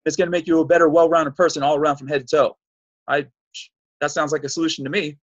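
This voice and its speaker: A man's voice: a little high, level tone, quick pace, highs cut off. A man hosting a fitness show, giving an emphatic, preachy solo monologue full of repeated points.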